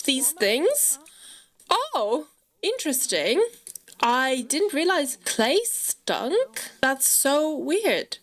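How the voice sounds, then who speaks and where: Woman gaming youtuber, highish voice, chatty, bosses her game characters around, lots of "oh my gosh". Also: very animated, takes it slowly, fairly bright tone. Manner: chatty and exclamatory, scolding her game characters, sometimes whispering. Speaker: gaming channel host. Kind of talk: casual gameplay commentary.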